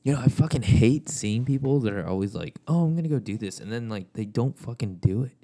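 Gravelly man ranting with constant swearing. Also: medium pitch, animated, fairly quick, dark tone. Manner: blunt, swears constantly, repetitive. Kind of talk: profane motivational rant.

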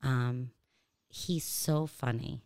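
A woman in her thirties, appearing as an interview guest, speaks extremely slowly in a bass voice that is a little mellow and fairly even in intonation. The chat is casual and comedic, full of fillers and asides, and her voice is said to sound like a cartoon.

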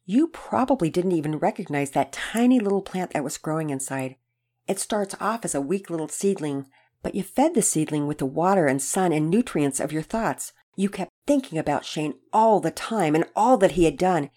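A woman voicing a gentle, patient dad in a storybook, calmly explaining a lesson to his boy. Her lowered voice sounds steady and instructive. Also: moderate pace. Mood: teaching. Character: gentle patient father teaching his son. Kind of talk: storybook reading.

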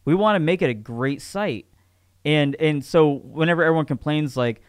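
A man's voice: fairly high pitch, normal speed, clear, resonant tone, no room sound, clean studio sound. A man co-hosting a podcast in casual chat, ranting with profanity and frequent restarts. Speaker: podcast co-host.

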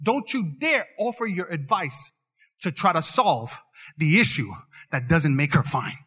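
A man's voice: fairly high pitch, sing-song, a little slow, bright, forceful tone. A man preaching a sermon, joking with the crowd and swinging into singsong rises. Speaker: pastor. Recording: long hall reverb.

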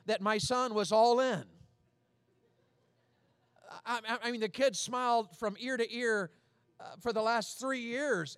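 A middle-aged pastor from Tennessee preaches in a high-pitched, folksy voice. He repeats phrases and fires questions at the congregation. The sound is dry and close, with little room echo. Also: a bit bright, clear, resonant tone. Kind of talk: sermon.

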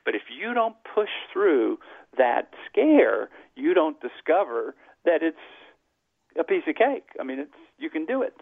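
A man's voice: a little high, sing-song, a little slow, vocal fry, breathy edge, dry recording. Earnest man on a tinny phone line. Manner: earnest, explains with stories. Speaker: guest psychologist and author. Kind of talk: radio interview over the phone. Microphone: telephone.

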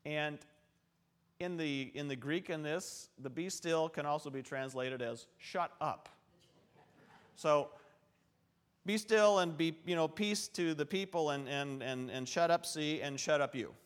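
A man delivers a sermon in a church, and his voice sits a little higher than most men's. He talks like he's chatting, with stories, asides and questions for the people in front of him. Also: measured pace. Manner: chatty and storytelling, with asides to the congregation. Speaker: pastor. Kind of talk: conversational sermon. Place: church sanctuary.

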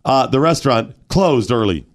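Animated male radio host. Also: medium pitch, moderate pace. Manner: animated, acts out imagined arguments. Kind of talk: casual radio banter. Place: radio studio.

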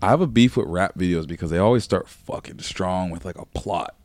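A man's voice: sits low, fairly quick, a little mellow, no room sound. A man co-hosting a casual podcast, giving loose, opinionated takes and laughing often. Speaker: podcast co-host. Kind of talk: casual chat.

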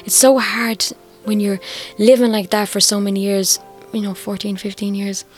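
A middle-aged Irish woman telling her own story, candid and reflective, quietly emotional. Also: mid-range voice, level tone, normal speed. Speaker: interviewee. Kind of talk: personal testimony. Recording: faint music underneath.

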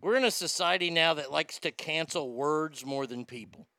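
Male podcast host, profane and rambling, bright crisp voice, dry close mic. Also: a little high, moderate pace, no echo. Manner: profane, rambling, reads listener comments aloud. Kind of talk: casual commentary.

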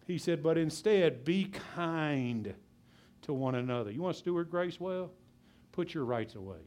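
A man preaching a sermon as pastor, talking loud and fast and passionately, then dropping to a low, quiet voice. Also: animated. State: out of breath.

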